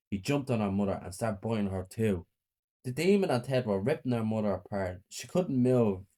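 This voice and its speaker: A man narrating a first-person horror story in a plain, flat reading. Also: lowish voice.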